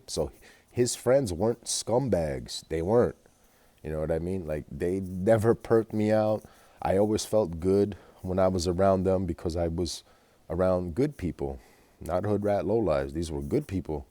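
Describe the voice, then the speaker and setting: A man's voice: deep voice, warm tone, no room sound. A man telling a rambling, profane personal story in a vlog, agitated and full of fillers. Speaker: vlogger.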